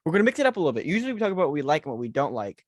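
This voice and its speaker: A man's voice: a little high, sing-song, very fast, no echo, clean studio sound. A young American man hosting a podcast in a playful, teasing chat. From United States. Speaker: podcast host. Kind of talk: casual chat.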